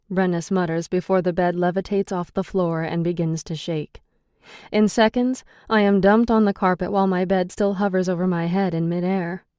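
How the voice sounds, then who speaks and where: Low-voiced woman narrating an audiobook. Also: mellow, no room sound, clean studio sound. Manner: wry, sarcastic first-person storytelling. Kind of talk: first-person audiobook narration.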